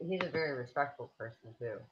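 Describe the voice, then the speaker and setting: A woman speaking quietly as a panel guest in a casual live stream chat. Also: extremely low pitch, animated, fast, muffled recording. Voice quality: soft-spoken, quiet.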